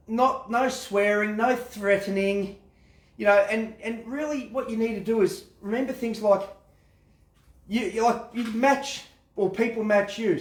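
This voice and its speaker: A man's voice: high voice, roomy sound. A man, giving a casual instructional talk on handling conflict, rambling and repeating words as he acts out exchanges. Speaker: self-defense instructor.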